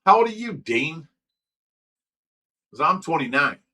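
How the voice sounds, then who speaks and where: In an unhurried, slightly high voice, a middle-aged Ohio man runs a casual livestream. As host he tells stories animatedly, laughing a lot.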